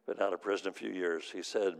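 Gravelly low-voiced man preaching in a hall. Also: fairly even intonation, fast talker. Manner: earnest, repetitive emphasis. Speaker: minister. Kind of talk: sermon storytelling. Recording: long hall reverb.

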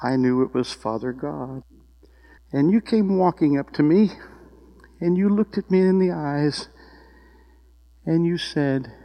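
A man preaching a sermon, telling a personal story with rising emotion and excited exclamations. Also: on the high side, unhurried, pauses often, poor audio. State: tearful at times.

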